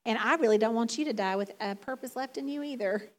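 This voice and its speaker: A woman's voice: fairly high pitch, fast. A middle-aged woman preaching a sermon in a chatty, conversational way, laughing often.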